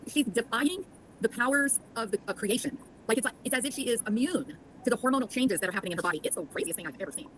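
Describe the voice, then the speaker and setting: A woman's voice: on the high side, animated, fast talker, a bit bright, a little hiss or hum, poor audio. A middle-aged woman giving sarcastic commentary on online drama, quizzing her audience as she goes.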